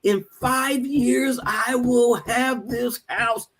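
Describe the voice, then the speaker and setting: A man's voice: very high-pitched, steady tone, voice pushed up, full character voice, rough recording. A man putting on the voice of an emphatic, confident Trinidadian man with a Trinidadian accent, stretching his words for emphasis. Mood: insistent. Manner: forceful, drawn-out emphasis.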